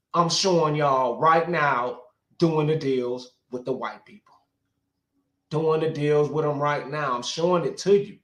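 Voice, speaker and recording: A man rants through a livestream with a heated, profane delivery, talking straight to his viewers. His voice sits a little high for a man. The recording is echoey, with a roomy sound. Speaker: livestream commentator. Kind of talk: rambling livestream commentary.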